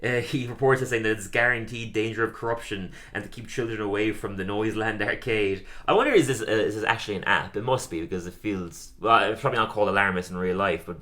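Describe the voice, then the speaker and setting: A bright, fairly low-pitched man chatting through a podcast recap. He laughs often and slips into quoted lines as he goes. His delivery stays casual and lively. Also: fast talker, hardly any pauses. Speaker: podcast co-host.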